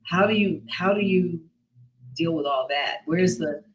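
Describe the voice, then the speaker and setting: A woman's voice: fairly low pitch, unhurried, rough recording. A woman hosting a talk show over a video call, asking long rambling questions with many restarts and asides. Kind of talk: casual interview chat.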